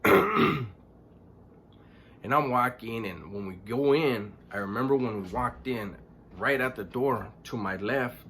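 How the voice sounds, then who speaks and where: Low-voiced man telling a hard story. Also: a bit bright, slight background noise. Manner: low-key, halting, frequent restarts and throat clearing; blunt, swears freely. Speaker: storyteller recounting his past. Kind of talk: casual spoken storytelling.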